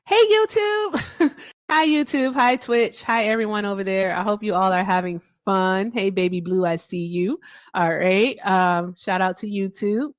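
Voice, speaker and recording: A woman's voice: medium pitch, normal speed, no echo. A woman hosting a live stream, chatting in a playful, teasing way and laughing often. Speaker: livestream host. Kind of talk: casual live-stream chat.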